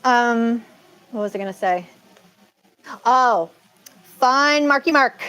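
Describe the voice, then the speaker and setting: A woman from Massachusetts chats on a live stream in a slightly high voice. She rambles, restarts her thoughts and laughs easily, like she is talking with friends at home. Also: slow pace, fairly bright tone, smooth, rough recording. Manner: chatty, rambling, laughs often. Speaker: co-host of a live chat stream. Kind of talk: casual live-stream chat.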